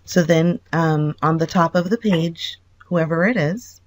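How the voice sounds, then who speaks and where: A woman's voice: sits low, unhurried, dry recording. A woman on a phone call, patiently explaining things step by step. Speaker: online helper on a phone call.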